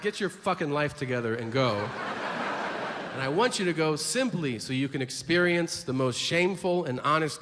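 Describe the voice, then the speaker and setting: A man's voice: fairly high pitch, long reverb tail, noisy background. A man doing stand-up comedy, telling profane, exaggerated stories on stage.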